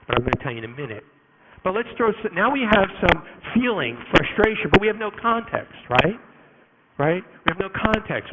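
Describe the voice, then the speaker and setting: A man giving a live conference talk to an audience, animated and jokey, with quick asides and many restarts. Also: fairly high pitch, highs cut off, very noisy. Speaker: conference speaker. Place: conference room before an audience.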